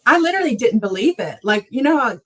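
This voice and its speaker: A middle-aged woman on a casual book podcast, with a mid-range voice. She tells lively stories, acting out what she and her friends said. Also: fairly high pitch, quick pace, slightly rough, low-quality recording. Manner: animated storyteller, acts out quoted dialogue. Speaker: podcast co-host.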